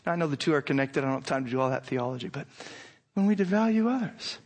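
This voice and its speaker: A middle-aged man preaching a sermon, animated, acting out imagined lines with rising intensity. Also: medium pitch, fast. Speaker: pastor.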